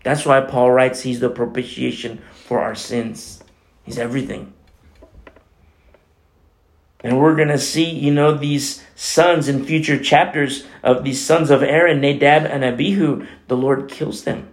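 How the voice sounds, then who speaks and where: A man's voice: mid-range voice, fairly even intonation, normal speed. A man preaching a Bible teaching sermon as a pastor, talking conversationally with frequent "you know" asides.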